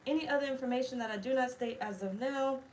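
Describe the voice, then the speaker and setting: A woman's voice: high-pitched, fast talker, a little hiss or hum. A woman talking casually as a tarot reader, blunt, chatty and full of swearing. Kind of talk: casual tarot video chat.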